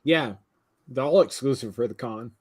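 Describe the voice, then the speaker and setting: A man's voice: mid-range voice, normal speed, a little mellow, breathy edge. A man joins a casual livestream chat as a guest, a little drunk and troubled by hiccups. He talks in a loose, hyped way and swears freely, in a mid-range voice.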